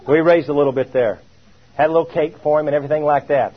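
A man's voice: on the high side, steady tone, fast talker, dull audio. A man preaching a sermon, emphatic and drawn out, firing rhetorical questions at his listeners.

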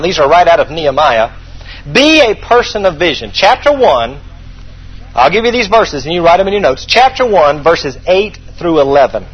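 High-voiced, husky preacher, lo-fi sound. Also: male voice. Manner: emphatic preaching, repeats key points for note-taking. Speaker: pastor. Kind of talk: sermon.

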